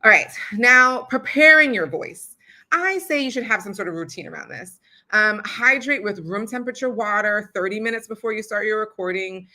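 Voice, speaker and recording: A woman's voice: mid-range voice, normal speed, sharp tone. A young woman hosting a podcast, giving a casual how-to talk on recording audiobooks in a chatty, filler-heavy way and laughing often.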